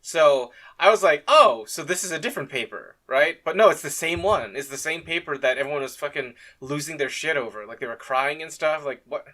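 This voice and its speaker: Male co-host, casual and jokey, curses freely, bright tone. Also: on the high side, fairly quick, few pauses. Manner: laid-back, laughs often, swears casually. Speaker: podcast co-host. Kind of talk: casual chat reviewing a comic chapter.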